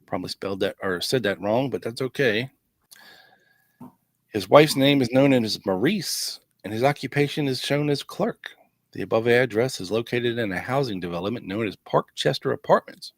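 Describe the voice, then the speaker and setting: A man's voice: mid-range voice, normal speed, no room sound. A man hosting a podcast, reading old documents aloud in a casual way and breaking in with wry asides. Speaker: podcast host.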